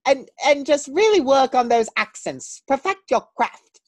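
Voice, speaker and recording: A man's voice: extremely high pitch, sing-song, unhurried, pitched above the performer's own voice, heavily acted. A man putting on a posh plummy British gent. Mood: haughty playful. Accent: put-on posh British. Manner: plummy, exaggerated and playful. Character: posh, prim British gentleman.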